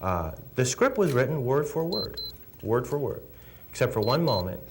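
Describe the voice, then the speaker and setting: A middle-aged film director answering interview questions with emphatic, animated storytelling and repeated words. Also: male voice, medium pitch, moderate pace, noisy background.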